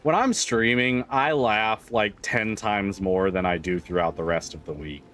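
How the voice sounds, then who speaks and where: A man's voice: fairly low pitch, unhurried, a bit bright, slight background noise. A man livestreaming, chatting casually with viewers, laughing often, swearing freely and rambling through restarts. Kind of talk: casual chat with stream viewers.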